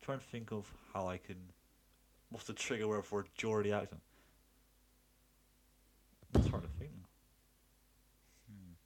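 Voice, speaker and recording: A young man, co-hosting a podcast in casual chat, animated and laughing a lot. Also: lowish voice, unhurried, long pauses, a little hiss or hum. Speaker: podcast co-host.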